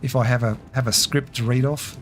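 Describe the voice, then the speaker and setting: A man's voice: mid-range voice, steady tone, fairly quick, soft background music. A man casually commentating a game live, chatty and laughing easily while reading his chat. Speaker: game streamer.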